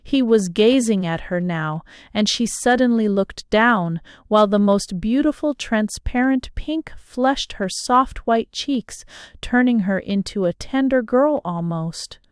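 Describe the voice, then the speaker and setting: A woman reads a novel aloud in an unhurried, measured way. Her voice is smooth and clear. The recording is close and dry, with no room echo. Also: medium pitch, animated. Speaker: audiobook narrator. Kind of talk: audiobook reading of a novel.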